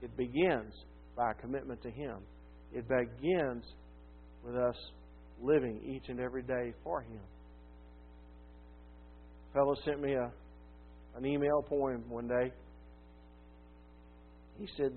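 A man's voice: mid-range voice, fairly even intonation, a little slow, pauses often, slightly rough. A man preaching a sermon, telling a personal story in a folksy, self-deprecating way. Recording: tinny phone-like sound with faint hum.

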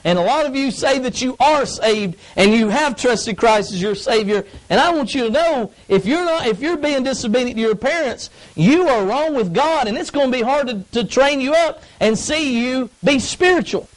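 A man's voice: very high voice, expressive, normal speed, few pauses, poor audio. A man preaching a folksy, emphatic sermon to young people in church. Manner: folksy, emphatic, acts out grumbling kids. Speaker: youth pastor.

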